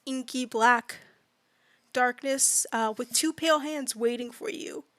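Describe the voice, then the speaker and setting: Woman game master narrating a tabletop game, casual and rambling, a bit high, dry sound. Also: measured pace, a bit bright, no echo. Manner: casual, filler-heavy descriptive narration.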